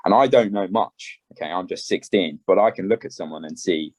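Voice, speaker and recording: Deep-voiced male podcast host. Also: a little mellow, no echo. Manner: measured storytelling, sums up the guest's point. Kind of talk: casual conversation, anecdote.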